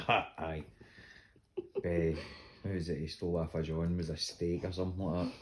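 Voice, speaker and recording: A man's voice: sits low, flat delivery, normal speed, slight background noise. A Scottish man casually telling funny stories about his dog, laughing often. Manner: laughing often, acts out voices in anecdotes. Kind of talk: casual storytelling.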